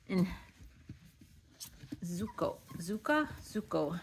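A woman breeder talks her way around a pen of puppies in a loose, chatty vlog, filmed on a phone camera. Her voice sits low and has a gravelly, fried edge. Faint puppy noises come through behind her. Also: animated, unhurried, long pauses, darkish tone, slight background noise. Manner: chatty, coos at the puppies in a high baby voice. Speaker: dog breeder. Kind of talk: casual vlog, showing puppies.

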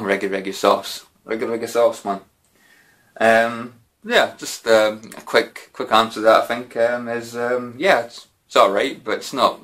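A man's voice: on the low side, a bit bright. A man answering viewer questions in a casual, rambling way, with lots of fillers and mild swearing. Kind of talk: casual Q&A chat.

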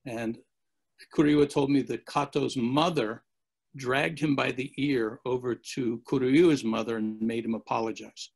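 A man's voice: mid-range voice, fairly even intonation, moderate pace, gravelly, a little mellow, breathy edge. A man as an interview guest, telling long rambling anecdotes and acting out the quotes. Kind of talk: storytelling in a podcast interview.

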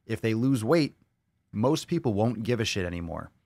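A low-pitched man hosts a podcast, talking casually and excitably with plenty of swearing. He repeats his phrases for emphasis, and his voice is recorded dry, close and without room sound. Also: moderate pace, vocal fry, no echo. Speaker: podcast host.

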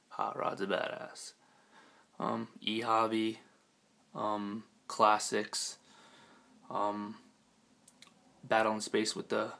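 A man with a deep, heavily gravelly and hoarse voice walks through his collection in a relaxed, rambling way. He speaks slowly and flatly, with plenty of ums and offhand swearing. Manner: laid-back, rambling, with many ums and casual swearing. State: scratchy, hoarse voice. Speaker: collector giving a room tour. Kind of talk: casual collection walkthrough. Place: his room at home.

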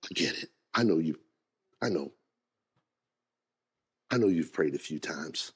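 A man preaching a sermon as pastor, folksy in his wording, moving from hushed storytelling to shouted, rising preaching. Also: extremely low pitch, lively intonation, unhurried, slightly rough. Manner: folksy, says "ain't" and "gotta".

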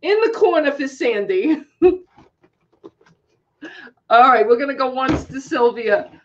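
A woman's voice: high voice, animated, slow pace, highs cut off, a little hiss or hum. A woman hosting a live auction stream, laughing through her words. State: laughing to tears. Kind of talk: live selling stream chat.

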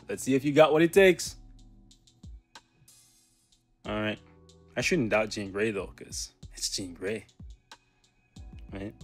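A young man giving casual, slangy commentary over his own gameplay, joking and breaking into loud laughs. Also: mid-range voice. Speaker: gaming channel host.

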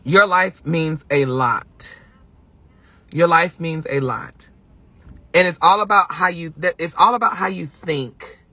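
A woman's voice: lowish voice, slow pace, sharp tone, slightly rough. A young woman hosting a live stream, telling a personal story in an emotional, rambling way and often repeating herself. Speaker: livestream host.

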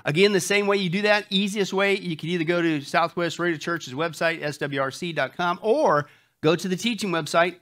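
A man's voice: fairly high pitch, a bit bright. A male pastor giving church announcements and an opening prayer, upbeat and joking, often saying "that's right". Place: church sanctuary before a live congregation.

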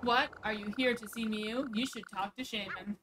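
A woman voicing a calm, welcoming Pokemon in a soft, measured way. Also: mid-range voice, noisy background, natural voice.

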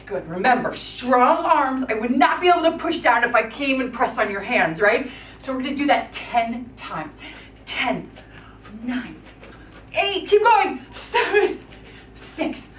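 Speaking slowly in a high, lively voice, a woman guides children through yoga, counting the moves and cheering them on. The sound is a bit bright with a faint hiss or hum, picked up from afar in a room with echo.

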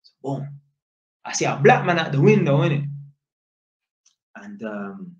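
This young London vlogger from Britain talks about his job casually, packed with street slang and tag questions. His mid-range voice has lively intonation and moves fairly quickly, broken by long pauses, in a roomy, slightly dull recording.

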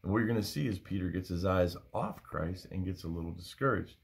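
A man's voice: low-pitched, animated, a little fast, creaky. A middle-aged man teaching a Bible study in an earnest, conversational way, often repeating phrases for emphasis.

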